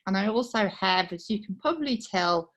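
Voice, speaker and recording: A middle-aged British woman whose accent has picked up a slight Australian twang. She tells a personal story in a soft, chatty voice and pokes fun at herself, heard over a video call. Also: mid-range voice, expressive, moderate pace. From United Kingdom. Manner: soft-spoken, conversational and self-deprecating. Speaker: table topics speaker.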